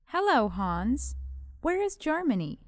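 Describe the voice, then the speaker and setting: A woman voicing a friendly British schoolgirl at a party, speaking slowly and carefully in a scripted language-lesson dialogue. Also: high voice, sing-song, no echo, clean studio sound, full character voice. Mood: cheerful.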